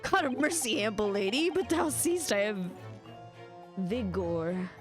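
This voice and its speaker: Woman voicing pompous gentleman, archaic theatrical speech, game dialogue, music in background. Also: mid-range voice, very animated, unhurried. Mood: grandiose. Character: pompous old-fashioned gentleman speaking in archaic verse.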